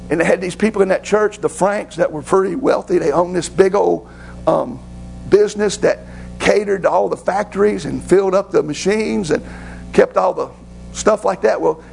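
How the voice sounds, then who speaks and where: A man, a pastor preaching a sermon through folksy, excitable personal stories. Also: sits high, creaky, rough recording. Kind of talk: sermon storytelling.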